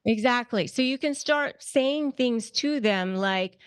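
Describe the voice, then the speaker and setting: A woman's voice: a little high, slow, hardly any pauses, smooth, no room sound, clean studio sound. A woman attorney giving advice as a podcast guest, speaking emphatically, repeating key phrases and restarting often. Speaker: guest, attorney and negotiation expert.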